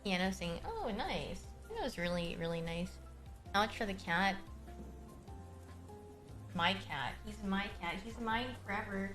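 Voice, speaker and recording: A woman's voice: medium pitch, expressive, a little slow, long pauses, music in the background. A young woman livestreaming in a casual, chatty way, answering her chat and cooing at her cat.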